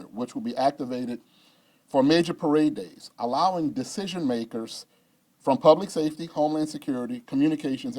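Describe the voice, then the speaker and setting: A man speaking as mayor at a press conference, reading a measured, formal safety briefing. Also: a little high, a little mellow. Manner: measured, formal, reads lists of rules.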